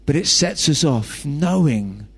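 A man's voice: on the high side, animated, measured pace, breathy edge. A man preaching a sermon, chatty and full of rhetorical questions and joking asides. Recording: long hall reverb.

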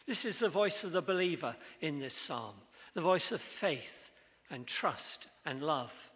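A man preaching a sermon, earnest and measured, asking the congregation questions. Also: a little high, animated, a bit bright. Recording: long hall reverb.

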